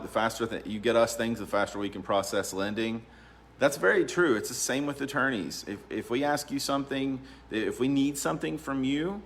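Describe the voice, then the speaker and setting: A man, an attorney giving casual, rambling advice and laughing often. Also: medium pitch. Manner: relaxed, rambling, laughs often, many ums. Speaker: real estate attorney. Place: law office.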